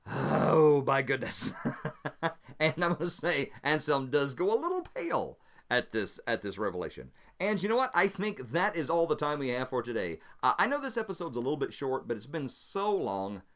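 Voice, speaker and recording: A man's voice: a little high, normal speed. A man hosting and narrating his solo tabletop role-playing game in a chatty, casual way that breaks into easy laughter. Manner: chatty, animated, laughs easily.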